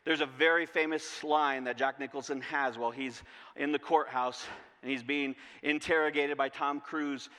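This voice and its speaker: A man preaching a sermon as pastor, repeating key phrases and asking rhetorical questions in a lively way. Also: on the high side, moderate pace. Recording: long hall reverb.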